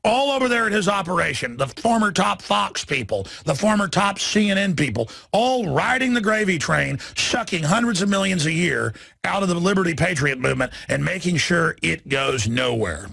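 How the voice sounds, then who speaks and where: A man hosting a talk radio show, ranting combatively and mockingly, his voice climbing into shouts. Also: high-pitched, expressive, normal speed, few pauses, no echo. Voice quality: gravelly, husky. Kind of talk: ranting monologue.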